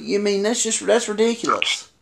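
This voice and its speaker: A man's voice: sits high, expressive, moderate pace, vocal fry. A man chatting casually on a podcast, telling a long rambling story with many restarts. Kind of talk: casual chat. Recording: noisy podcast recording.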